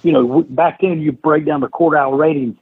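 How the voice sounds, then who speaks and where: A middle-aged man with a slightly high, husky voice tells a long anecdote with lively energy, putting on the voices of people in his story. He sounds like he is on a narrow, tinny phone-like line with a dry, close sound. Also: fairly quick, no room sound. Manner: animated anecdote-telling, acts out others' lines. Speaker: podcast guest, former wrestler. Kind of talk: casual storytelling interview.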